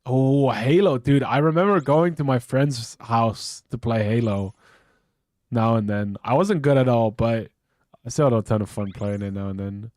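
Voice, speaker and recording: A man's voice: medium pitch, normal speed, darkish tone, no room sound. A young man streaming a game, chatting casually with a stuffy nose, rambling and swearing often. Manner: rambling, swears a lot, restarts sentences. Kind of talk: casual live-stream chat.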